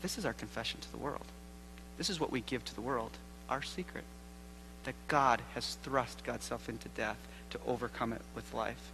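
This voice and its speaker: A man delivers a keynote at a church gathering, part storytelling and part sermon, ending in prayer. His voice is bright and forceful, and he moves from loud emphasis to quiet, close passages. A faint electrical hum sits under the recording. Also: mid-range voice, normal speed, low-quality recording. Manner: earnest, swings from loud emphasis to hushed intimacy. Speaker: seminary professor giving a keynote. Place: lecture hall at a church convocation.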